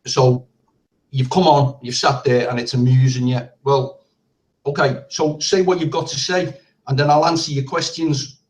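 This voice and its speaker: A man's voice: medium pitch, steady tone, moderate pace, distant mic, low-quality recording. A man arguing combatively on a call, repeating his points and swearing. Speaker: participant in online group call. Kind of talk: heated argument.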